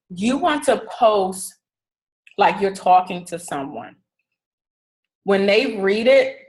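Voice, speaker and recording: A woman gives her business team a casual coaching talk. She speaks directly and keeps checking that everyone follows along, at a middle pitch. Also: low-quality recording. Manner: casual, direct, repeats "okay?" to check understanding. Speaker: fitness business team leader.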